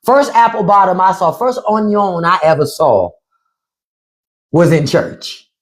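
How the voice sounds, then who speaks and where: A woman hosting a live stream in casual comedic chat, loud and playful, swearing and swinging her voice from high to low. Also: expressive, a little slow. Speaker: podcast host on a live stream. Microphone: phone or desk mic on a live stream.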